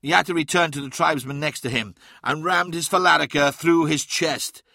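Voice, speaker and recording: A man reading an audiobook in a measured, dramatic way. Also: fairly high pitch, vocal fry, sharp tone, dry recording, clean studio sound. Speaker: narrator. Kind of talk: scripted audiobook narration.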